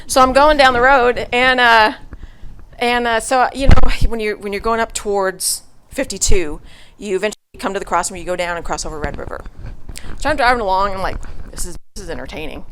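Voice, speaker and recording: A woman's voice: mid-range voice, fairly quick, background noise. A middle-aged woman telling a story to her church congregation in a chatty way, with laughs, fillers and restarts. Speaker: church speaker. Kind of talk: casual storytelling message to a congregation.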